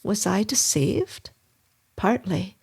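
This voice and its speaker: Woman horror narrator, slow and suspenseful, gravelly low end. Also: animated, darkish tone. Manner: measured, suspenseful reading.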